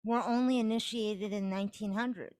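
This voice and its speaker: A woman's voice: medium pitch, steady tone, moderate pace, a little mellow. A woman co-hosting a casual podcast chat, explaining things in an orderly, informative way. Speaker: podcast co-host.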